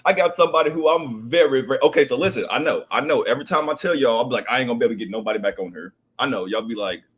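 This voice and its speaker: Young man, Southern US accent, husky, casual podcast host, playful and loud. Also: medium pitch, rapid-fire. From American South. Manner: loud, joking, slangy storytelling.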